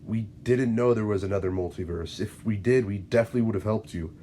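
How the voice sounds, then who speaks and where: A man's voice: fairly low pitch, fast, warm tone, a little hiss or hum, lightly acted. A man reading the lines of an earnest young male superhero in a fan-written story. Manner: urgent, earnest.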